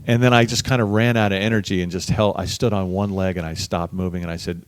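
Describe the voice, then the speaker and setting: A middle-aged man, a bass musician, telling a lively story in a casual interview, acting out the people he quotes. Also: quick pace, a little hiss or hum. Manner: animated storyteller, acts out quoted voices. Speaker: guest musician.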